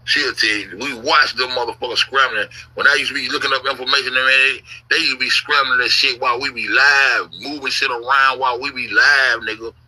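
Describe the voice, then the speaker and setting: On a casual stream, a YouTube commentator rambles through a long story, swearing nonstop and repeating himself. His husky voice is bright and edgy, sinking into low grumbles before erupting loudly. He keeps a steady tone at a slightly quick pace with few pauses, and the audio quality is poor.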